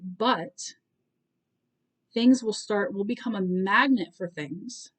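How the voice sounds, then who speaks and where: A woman's voice: mid-range voice, slow, rough recording. A woman teaching a course in a casual spoken style, earnestly explaining step by step and checking in with her listeners. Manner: conversational, checks in with "right?" and "okay?". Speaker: course instructor.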